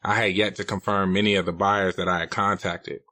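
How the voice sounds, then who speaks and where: A man's voice: low voice, little pitch movement, brisk, sharp tone, no room sound. A man narrating a novel in the first person, in a blunt, profane, streetwise manner. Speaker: audiobook narrator.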